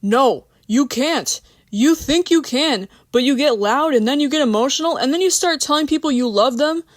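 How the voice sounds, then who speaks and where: A woman's voice: high-pitched, animated, normal speed, no echo, studio quality, voice pushed up. A woman reading an exasperated, worried grown man who pleads and sputters.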